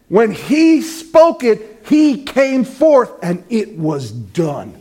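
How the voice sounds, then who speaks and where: High-voiced emphatic male preacher. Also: very animated, slow, hardly any pauses. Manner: emphatic, shifts between loud proclaiming and hushed asides. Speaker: pastor. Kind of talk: sermon.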